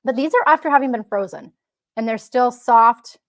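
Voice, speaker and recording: A chatty woman hosts a casual live stream, her voice sitting a little high. She rambles along, stopping and restarting her sentences as she goes. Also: moderate pace. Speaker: host.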